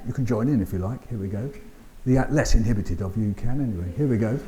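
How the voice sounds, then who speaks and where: An older man with a London accent, giving a keynote talk as an animated storyteller who acts out voices and sounds with dry humour. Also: medium pitch, quick pace, a little hiss or hum. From England. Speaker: keynote speaker. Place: conference hall.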